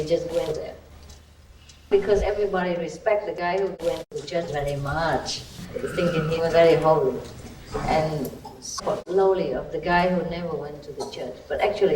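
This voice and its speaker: A woman spiritual teacher giving a talk to an audience, chatty and lively, laughing often, with loose non-native grammar. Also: fairly low pitch. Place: gathering hall with audience. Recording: echoey archive recording from a distant mic with background noise.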